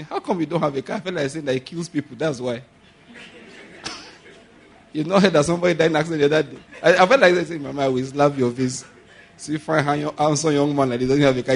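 Man, pastor, sermon, husky voice, fairly high pitch, quiet asides and loud bursts. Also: quick pace. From Nigeria. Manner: preaching with sudden rises to loud, high emphasis and laughter.

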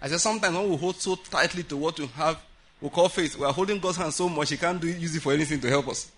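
A man preaching a sermon at a prayer meeting, animated, often laughing and acting out the voices he quotes. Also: a little high, fast talker, a little hiss or hum.

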